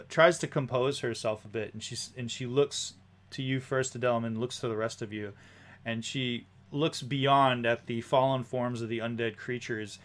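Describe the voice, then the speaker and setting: Man narrating as game master. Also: medium pitch. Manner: descriptive, hesitant fillers.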